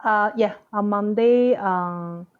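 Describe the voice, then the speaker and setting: Slow, halting woman over dull audio. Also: mid-range voice, smooth. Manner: slow, halting learner English. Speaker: guest caller, teacher. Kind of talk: casual chat.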